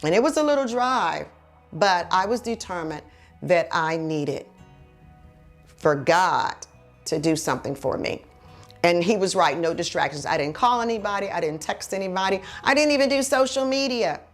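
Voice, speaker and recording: Woman, preacher, sermon and prayer, low pitch, earnest, faint background music. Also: expressive, moderate pace. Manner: earnest, exhorting, storytelling.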